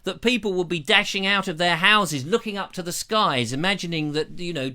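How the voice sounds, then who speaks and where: English male host, middle-aged, bright and lively storyteller, live-stream vlogger. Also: high voice, brisk. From England. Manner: animated, mimics bell sounds and voices. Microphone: lavalier.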